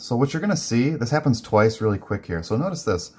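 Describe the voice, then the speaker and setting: A man with English as his first language runs a relaxed guided reading lesson, chatty and full of fillers, and reads German aloud in between. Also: mid-range voice, quick pace, hardly any pauses, breathy edge.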